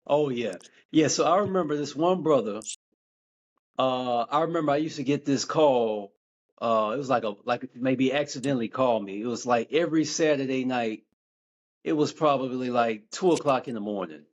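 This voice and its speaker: A man being interviewed as an author, talking in a measured, reflective way with many "you know" asides. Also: mid-range voice, muffled recording. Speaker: guest author.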